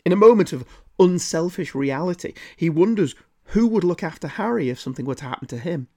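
A man with a slightly high voice reads out a scripted review of old comic strips. His delivery is dry, and he slips in sarcastic asides as he recaps each scene. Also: lively intonation, brisk, a little mellow.

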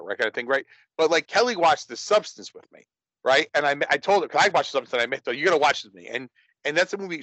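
A man's voice: a little high, fairly bright tone, no echo, poor audio. A man talking casually about horror films, rambling with many restarts. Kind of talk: casual movie discussion.

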